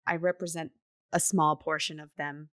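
A woman's voice: sits low, dry recording, studio quality. A woman co-hosting a casual chat, talking expressively and emphatically about her family. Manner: expressive, emphatic, quick asides. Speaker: podcast co-host.

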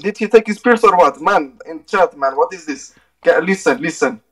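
A man's voice: fairly high pitch, lively intonation, fairly quick. A man in an online debate, sarcastic and teasing, who keeps interrupting and repeating his phrases. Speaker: debate opponent. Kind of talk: trolling online voice-chat debate.

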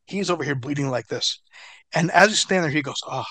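Bright-voiced American man telling stories. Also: on the high side, quick pace, breathy edge, no room sound. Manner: animated, profane storytelling. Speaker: interview guest, former wrestler. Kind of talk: storytelling in a shoot interview.

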